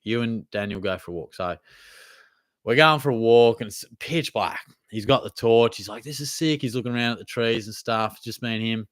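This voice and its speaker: A young Australian man chats casually as he answers viewer questions one after another. His voice sits at an ordinary pitch and sounds close and dry, with no room around it. He talks in an easygoing, slangy way. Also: fairly quick, fairly bright tone, no echo. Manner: laid-back, chatty, slangy. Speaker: host. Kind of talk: casual live Q&A chat.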